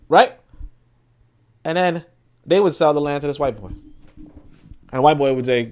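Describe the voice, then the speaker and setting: A male podcast host gives casual, animated political commentary full of profanity, often repeating words as he restarts sentences. His voice sits on the high side, his pace is moderate, and he pauses often.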